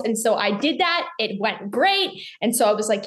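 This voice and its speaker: A woman's voice: a little high, lively intonation, normal speed, hardly any pauses. An eighteen-year-old woman from North Carolina, a filmmaker guest chatting eagerly in an interview with lots of "like"s. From North Carolina, USA. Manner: bubbly, chatty, many "like"s. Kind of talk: casual interview talk.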